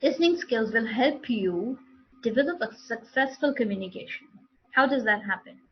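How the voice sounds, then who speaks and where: A woman's voice: a little high, lively intonation, moderate pace, muffled recording, slight background noise. A woman teaching a live online English speaking class, explaining with repeated and restarted phrases.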